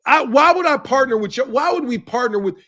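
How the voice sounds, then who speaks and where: A man hosting a commentary channel, ranting loudly and profanely and laughing often between lines. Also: very high voice, animated, normal speed. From United States. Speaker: boxing commentary channel host.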